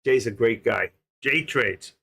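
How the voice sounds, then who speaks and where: This is an older man whose voice is heavily gravelly and husky. He hosts a live trading stream in a rambling, joking way, often thinking aloud as he works. The pitch sits at an ordinary middle level. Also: takes it slowly, a bit bright. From New York. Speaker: stream host, trader. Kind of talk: casual live-stream chat.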